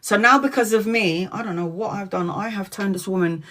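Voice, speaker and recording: A tarot reader in her forties chats a little fast in a mid-range, slightly bright voice. On her laid-back live stream she's outspoken and gossipy, dropping swear words freely and shouting out viewers by name.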